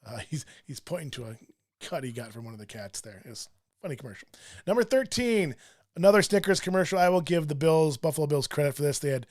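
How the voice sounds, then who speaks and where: A man's voice: on the high side, expressive, fast, a little mellow. A middle-aged man hosting a sports show, chatting casually through a countdown list, rambling with lots of fillers and self-deprecating asides.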